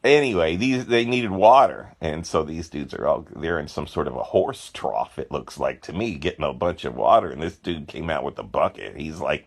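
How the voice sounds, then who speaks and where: A man, a painter, chatting casually about his artwork. He rambles through excited stories full of asides and exclamations. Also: extremely low pitch, normal speed, creaky, hardly any pauses, slightly rough. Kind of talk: casual chat.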